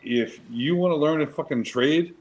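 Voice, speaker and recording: A man's voice: on the high side, moderate pace, very noisy. A man, a Marine veteran co-hosting a casual chat show, telling stories in a profane, emphatic, rambling way.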